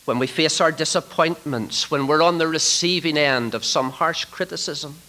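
Forceful preacher man, dramatic hushes. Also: on the high side, normal speed, poor audio. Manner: dramatic, swings from loud emphasis to hushed whispers. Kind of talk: sermon to ministers.

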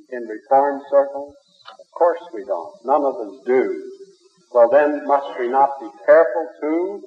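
A man preaching a theological sermon in a church, measured and argumentative, with rhetorical questions. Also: medium pitch. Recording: echoey hall on a tinny old line.

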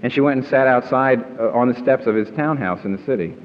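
A man's voice: medium pitch, fast talker, slight background noise. A man preaching an emphatic sermon to a congregation, often putting questions to his listeners. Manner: emphatic, asks the audience questions. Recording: muffled recording in a reverberant hall.

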